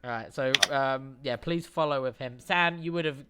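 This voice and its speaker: A man's voice: medium pitch, moderate pace, heavy background noise. A man narrating as game master in a casual, laughing way.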